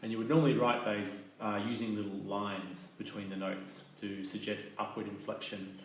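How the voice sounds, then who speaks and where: A man explaining clarinet techniques in a calm, methodical teaching manner, with soft fillers between his points. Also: fairly low pitch, normal speed, over loud music. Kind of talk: instructional demonstration. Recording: very echoey room with faint noise.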